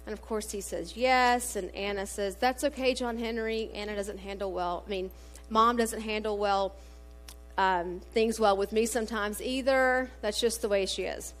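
A woman's voice: mid-range voice, normal speed, soft background music. A middle-aged woman preaching a sermon, mixing scripture readings with family stories and frequent "um" fillers. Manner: warm storytelling with scripture quotes, many fillers.

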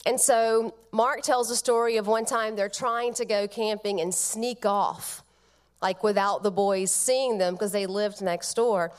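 Slow, tender woman giving a eulogy. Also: mid-range voice, steady tone. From Georgia, United States. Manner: slow, tender storytelling with soft pauses. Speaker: eulogist at a grandmother's funeral. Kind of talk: funeral eulogy.

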